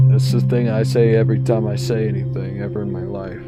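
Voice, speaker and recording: A man's voice: lowish voice, steady tone, a little fast, few pauses, over loud music. A man streaming a VR game, chatting casually, rambling and goofy with sing-song repetitions on a headset mic.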